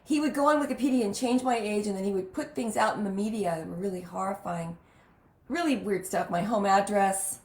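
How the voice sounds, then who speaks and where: Animated woman host, echoey room. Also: medium pitch, fairly quick. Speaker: podcast host. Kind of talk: casual chat.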